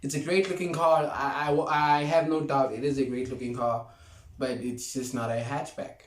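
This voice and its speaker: A man's voice: mid-range voice, level tone, normal speed. A young man reviewing cars in a casual vlog, emphatic and repeating his points, laughing often. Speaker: car vlogger. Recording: roomy echo.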